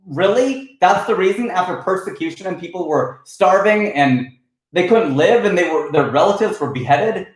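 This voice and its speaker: A man's voice: high-pitched, expressive, moderate pace, heavy reverb, rough recording. A man from Ohio hosting a comedy livestream, arguing animatedly and answering chat comments. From United States, Ohio. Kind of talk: casual livestream rant.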